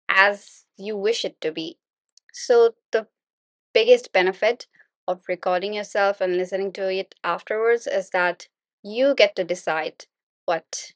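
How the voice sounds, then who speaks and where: Slow, patient woman teaching speaking. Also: medium pitch, no room sound, clean studio sound. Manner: steady, continuous explaining, polite and patient. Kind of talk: unscripted spoken lesson.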